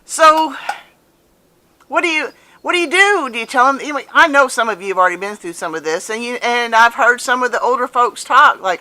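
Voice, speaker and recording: A woman's voice: on the high side, moderate pace, bright, forceful tone. A woman in her fifties telling a personal story to camera in a casual, earnest way, repeating phrases for emphasis. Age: 50s. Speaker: vlogger.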